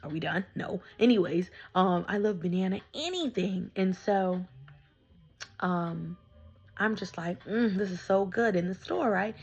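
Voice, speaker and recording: A woman tarot reader chatting animatedly through a casual vlog story, slangy and excited. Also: fairly low pitch, a little slow, husky, rough recording. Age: adult with young children.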